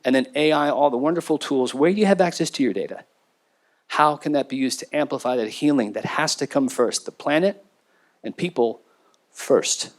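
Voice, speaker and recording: A man's voice: mid-range voice, moderate pace. A man speaking as a panelist, talking intensely and emphatically in a university lecture theater. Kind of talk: impassioned panel talk.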